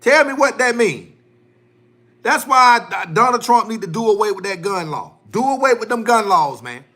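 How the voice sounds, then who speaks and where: A man's voice: high voice, animated, fairly quick, pushed and bright. A man hosting his own livestream, ranting heatedly in loose slangy speech and repeating himself. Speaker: livestream host. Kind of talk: casual livestream rant.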